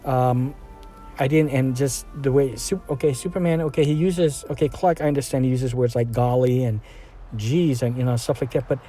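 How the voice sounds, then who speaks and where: A man's voice: medium pitch, fairly even intonation, moderate pace, dark tone, soft background music. A man giving a casual, rambling film review, full of fillers, restarts and trailing sentences.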